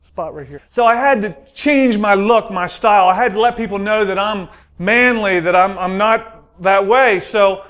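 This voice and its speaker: A man's voice: high-pitched, moderate pace, a bit bright. An American man doing a stand-up comedy routine, telling stories and acting out the dialogue. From United States. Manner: storytelling, acts out dialogue.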